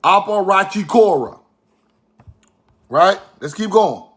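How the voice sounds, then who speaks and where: A man speaks slowly in a high, animated, slightly bright voice, offering casual history commentary to his online viewers. Emphatic and repetitive, he frequently asks them "right?"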